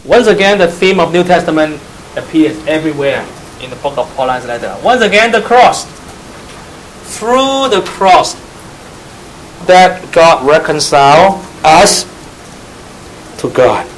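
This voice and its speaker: A man's voice: fairly high pitch, expressive, unhurried, pauses often, a little hiss or hum, rough recording. Chinese-accented male preacher, emphatic. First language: Mandarin Chinese. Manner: earnest, emphatic, addresses listeners directly. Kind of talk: bible study sermon.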